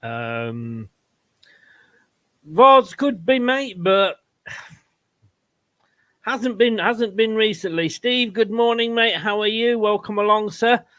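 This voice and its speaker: A man with a noticeably high voice hosts a football watchalong in casual chat. He talks to his guests and breaks off to greet viewers and answer their comments. His delivery is chatty and loose. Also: sharp tone. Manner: chatty, quick asides to viewers. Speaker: host.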